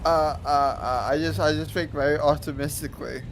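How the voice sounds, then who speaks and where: A man playing in a tabletop game, talking in a halting, stammering way that keeps repeating words. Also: on the high side, steady tone. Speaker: player. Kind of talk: tabletop game role-play.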